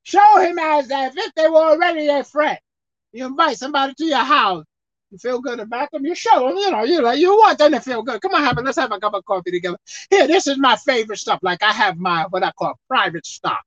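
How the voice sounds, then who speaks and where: Woman, sermon, high voice, very lively pitch, emphatic. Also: fairly quick, dry recording, highs cut off. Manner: animated, swings between loud emphatic lines and low asides. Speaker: preacher.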